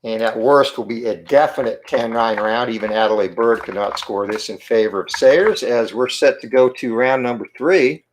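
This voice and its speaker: A man with a slightly hoarse morning voice, giving play-by-play commentary on a tabletop boxing game and calling out each roll in short clipped phrases. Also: mid-range voice, slight background noise. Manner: calls each dice roll and punch count in quick clipped phrases.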